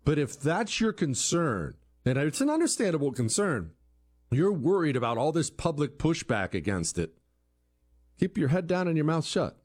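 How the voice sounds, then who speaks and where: A man's voice: on the high side, big pitch swings, normal speed, darkish tone. A man giving an opinion monologue, asking rhetorical questions and acting out quoted voices, often repeating words as he restarts. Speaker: commentary show host.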